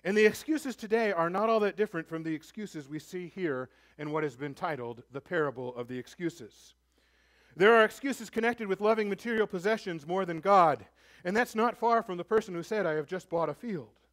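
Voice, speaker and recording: A pastor delivers a fairly quick sermon in church, pleading earnestly with his listeners. He climbs toward emphatic points, then sinks into a low, soft tone.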